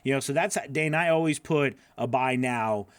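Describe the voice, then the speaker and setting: Male coach answering viewer questions on a live stream, relaxed and filler-heavy, medium voice, dry recording. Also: mid-range voice, normal speed, no echo. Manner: loose and chatty, many fillers, laughs at himself.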